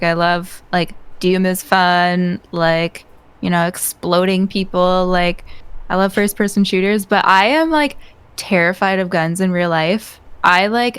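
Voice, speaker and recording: A woman's voice: fairly low pitch, clear, resonant tone. A woman co-hosting a casual chat, talking in a playful, teasing way. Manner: playful, quick to tease and laugh. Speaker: podcast co-host.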